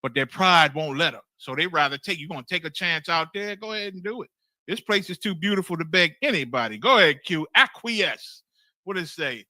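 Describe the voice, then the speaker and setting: A man's voice: on the high side, expressive, a little fast, pushed and bright, no room sound. A man teaching a scripture class in a sermon-like way, blunt and emphatic, swearing freely and repeating phrases for emphasis. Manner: emphatic, blunt, swears freely, keeps asking "you understand?".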